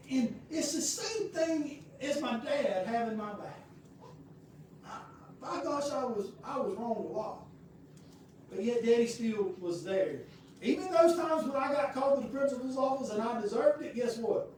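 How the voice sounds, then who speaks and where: A man's voice: very high-pitched, animated, moderate pace, darkish tone, distant mic, a little hiss or hum. A male pastor, telling a personal story in a folksy, rambling, conversational sermon. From United States. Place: church sanctuary. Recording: very echoey room heard from afar.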